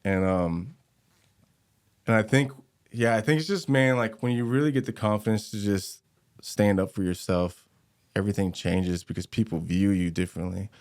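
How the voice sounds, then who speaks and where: Male actor guest, very low voice, slangy and laid-back, animated storyteller. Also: moderate pace. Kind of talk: casual interview storytelling.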